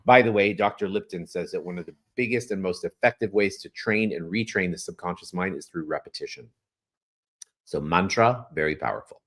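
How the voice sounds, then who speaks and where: A man hosting a spiritual astrology talk, repeating phrases like a mantra and slowing to a soft pace when he guides the breathing. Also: deep voice. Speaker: astrology host.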